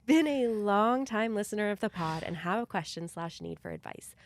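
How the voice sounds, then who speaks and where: A woman's voice: mid-range voice, lively intonation, moderate pace, no room sound. Playful blunt young woman podcaster. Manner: laughs often, blunt and playful. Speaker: podcast co-host. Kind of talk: casual podcast chat.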